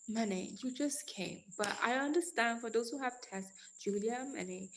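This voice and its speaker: Young woman, live-stream host, energetic casual chat, affectionate pet names. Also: on the high side, takes it slowly, a little hiss or hum. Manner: energetic, calls viewers darling and girl.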